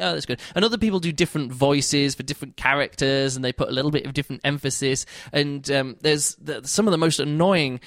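A man talks through his thoughts on a book for his podcast, wandering off track and correcting himself as he goes. His voice sits a bit high for a man and gets excited when he quotes his own reactions. The sound is dry and close, with no room around it. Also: a little fast, few pauses, no echo. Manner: rambling, with many fillers and restarts; enthusiastic, rises in pitch for quoted reactions. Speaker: podcast host reviewing books. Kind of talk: casual spoken book review.

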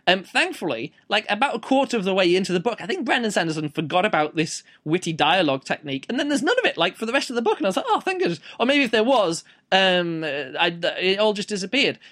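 A man's voice: high-pitched, very animated, quick pace, few pauses, fairly bright tone. A man giving a casual, rambling book review, playful and full of fillers.

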